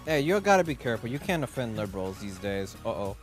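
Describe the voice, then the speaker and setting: A man's voice: medium pitch, very animated, fast talker, over music. A young man co-hosting a live football watch stream, calling plays and trash-talking in casual chat, cursing freely. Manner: calls plays, curses freely, teasing.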